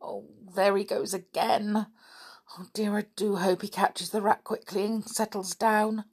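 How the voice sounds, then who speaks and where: George, a tomboyish girl devoted to her dog, talks briskly with fond worry, slightly low, as a woman reads her aloud for a storybook.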